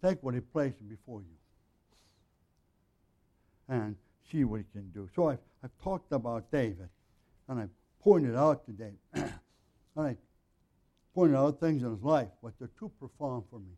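A male pastor giving an earnest, conversational sermon, often clearing his throat. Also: mid-range voice, expressive, measured pace, pauses often, mellow. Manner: frequent throat clearing, earnest and plain-spoken.

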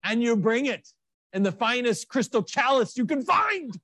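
Pastor guy telling stories in a sermon, voice jumps way up when he gets excited, dry close mic. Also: normal speed, dry recording. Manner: animated storytelling, jumps to high excited pitch.

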